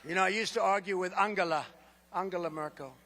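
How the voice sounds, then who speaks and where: High-voiced man giving a rambling rally speech. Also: fast, bright, forceful tone, a little hiss or hum. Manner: rambling, boastful, with sarcastic asides and repeated phrases. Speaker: political speaker at a rally. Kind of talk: campaign rally speech, riffing off-script. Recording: long reverb of a large venue.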